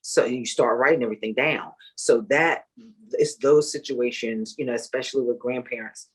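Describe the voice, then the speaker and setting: A woman who works as a parent advocate, talking in a measured way with many fillers. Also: a bass voice, slightly rough, poor audio. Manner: measured, full of "um" and "you know". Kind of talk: casual chat.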